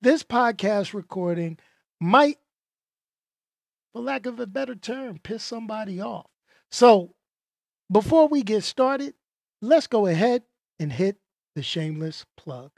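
A man hosting his own podcast, talking in a casual, animated rant full of slang and stammered restarts. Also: sits high, a little slow, gravelly, no room sound, studio quality. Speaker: podcast host.

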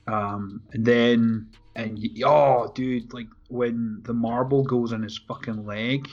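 Over a movie on a podcast, a man with a mid-range voice talks slowly and casually, swearing a lot and laughing as he retells scenes. He's profane and animated, and the lo-fi audio sounds dull, with faint music underneath.

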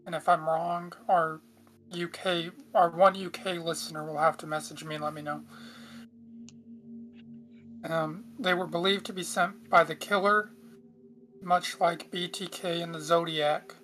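A woman's voice: on the low side, steady tone, a little slow, pauses often, a bit bright, a little hiss or hum. A woman casually hosting a true-crime podcast, chatty with frequent asides. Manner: chatty, reads aloud with frequent asides and throat clearing. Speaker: podcast host.

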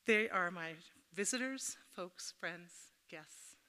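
In a lowish, smooth voice with a sharp edge, a middle-aged woman speaks slowly but animatedly. Her casual devotional talk at a church gathering, recorded in an echoing hall, is funny and conversational, full of personal anecdotes aimed straight at the audience.

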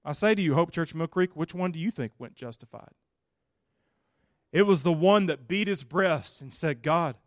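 A male pastor preaching a sermon in a folksy, casual, animated way. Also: fairly high pitch, normal speed, dry recording, studio quality.

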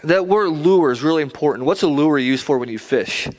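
A man's voice: fairly high pitch, lively intonation, fairly quick, darkish tone. A male preacher giving a casual sermon, conversational, with rhetorical questions and slangy asides.

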